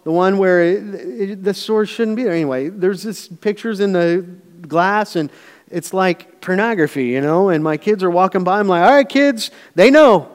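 A man's voice: high-pitched, normal speed, clear, resonant tone, big-room sound. A middle-aged man preaching a sermon as pastor, telling family stories in a loose, conversational way with frequent restarts. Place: church sanctuary.

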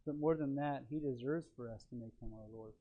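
A man preaching a sermon as he teaches from his notes. He talks earnestly and emphatically, moving between loud stresses and quiet lines. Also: medium pitch, a little fast, narrow, tinny audio. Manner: teacherly, walks through notes and fill-in blanks.

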